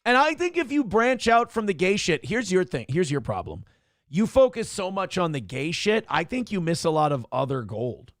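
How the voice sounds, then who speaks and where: A man's voice: high-pitched, very animated, normal speed, no room sound, clean studio sound. A man hosting a live-stream show casually, reading viewer comments aloud and joking crudely. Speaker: host.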